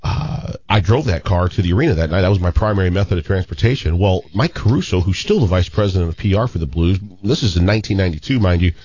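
Low-voiced guy in his 50s from st louis telling a story, animated, muffled lo-fi sound. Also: fast, few pauses, breathy edge. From St. Louis, Missouri. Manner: animated storyteller, frequent restarts. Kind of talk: casual storytelling.

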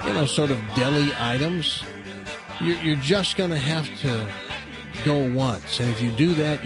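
Easygoing male radio host. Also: medium pitch. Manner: chatty, easygoing, stumbles over words. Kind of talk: casual radio chat and live ad read. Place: radio studio.

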